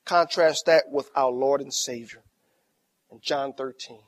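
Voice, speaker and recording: A middle-aged man preaching a sermon as pastor, swinging from quiet storytelling to loud, emphatic lines. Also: mid-range voice, fairly even intonation, a little slow.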